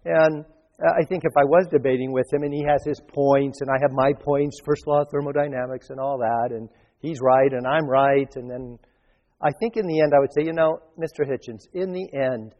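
A man's voice: mid-range voice, fairly even intonation, normal speed, muffled recording. A male pastor giving a sermon in a conversational, storytelling way, with frequent restarts. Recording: long reverb.

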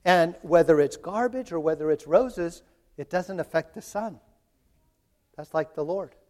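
A man's voice: fairly high pitch, a little slow, a little mellow. A man preaching a sermon in a chatty, conversational way, retelling scripture in everyday voices. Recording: long hall reverb.

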